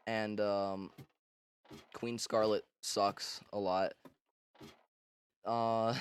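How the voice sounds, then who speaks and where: A man's voice: on the low side, little pitch movement, extremely slow, pauses often, slight background noise. A man casually recapping a story for laughs, rambling and swearing, with lots of fillers and restarts. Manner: rambling, slangy and profane, with frequent fillers and restarts. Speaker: book summarizer.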